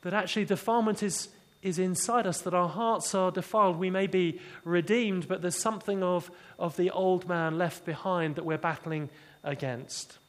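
Expressive preacher, fairly high voice. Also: male voice, normal speed. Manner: expressive, dramatic drops to quiet emphasis. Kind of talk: sermon.

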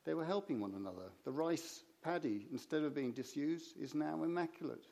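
A man gives a sermon in a gravelly, slightly raised voice. He tells stories and plays out their dialogue as he goes. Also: on the high side, animated, brisk, dark tone. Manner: anecdotal, acts out conversations in his stories. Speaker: preacher.

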